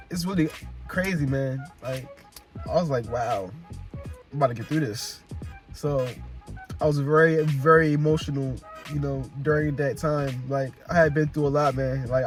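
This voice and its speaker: A young man telling casual, slang-filled stories to camera, often repeating himself and laughing as he talks. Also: fairly high pitch. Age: young adult. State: emotional, close to tears. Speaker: vlogger recounting Marine boot camp. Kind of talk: casual chat.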